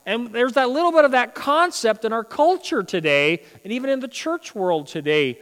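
A male pastor preaching a sermon, swinging between loud, emphatic runs and quiet, joking asides. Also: very high voice, very animated, normal speed, hardly any pauses. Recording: long reverb of a large hall.

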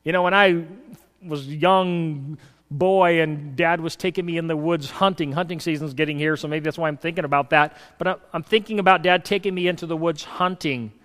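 A man preaching a sermon, moving between a loud reading of scripture and soft, hushed asides, and telling folksy stories in a conversational way. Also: a little high, fairly even intonation, brisk, long reverb tail. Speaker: pastor. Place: church hall.

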